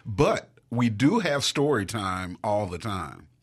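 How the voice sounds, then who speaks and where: A man's voice: fairly low pitch, sing-song, slow, husky. A man co-hosting a radio show, talking playfully and laughing often. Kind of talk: casual radio chat.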